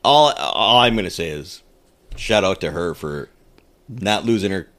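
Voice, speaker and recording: A man co-hosting a podcast in casual chat, teasing his co-host and reacting quickly. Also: low voice, animated, fairly bright tone.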